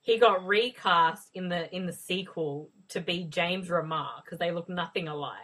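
A woman's voice: on the low side, moderate pace, bright, forceful tone. A woman chatting about a movie with friends, standing up for it. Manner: enthusiastic, defensive of the film. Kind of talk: casual group movie commentary.

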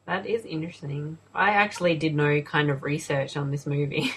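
A woman's voice: low voice, steady tone, normal speed, husky, low-quality recording. An Australian woman chatting casually and swearing freely while commenting on a movie with a friend. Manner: swearing, laughing, filler-heavy chat. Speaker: co-host.

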